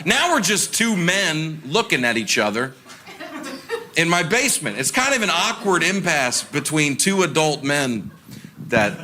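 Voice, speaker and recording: A man doing stand-up comedy, telling self-deprecating stories in a deadpan way and acting out other people's lines. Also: on the high side, measured pace. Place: theater stage with a laughing audience. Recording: live show with audible audience noise.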